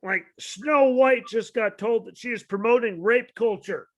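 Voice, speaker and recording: A young man co-hosting a casual wrestling podcast, ranting with lots of swearing and sudden shouted bits of quoted dialogue. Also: extremely high pitch, unhurried, lo-fi sound. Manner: ranting, profane, animated, shouts out quoted lines. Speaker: podcast co-host.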